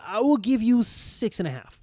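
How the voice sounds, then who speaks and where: A young man in his twenties co-hosting a podcast, telling an embarrassing story in a rambling, animated way full of fillers and restarts. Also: high-pitched, moderate pace, dry recording, studio quality. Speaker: podcast co-host. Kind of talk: casual storytelling.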